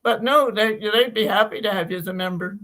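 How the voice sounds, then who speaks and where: A woman's voice: medium pitch, brisk, fairly bright tone, poor audio. An elderly woman chatting as a podcast guest, rambling with restarts and telling stories. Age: older. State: uses hearing aids. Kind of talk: casual chat.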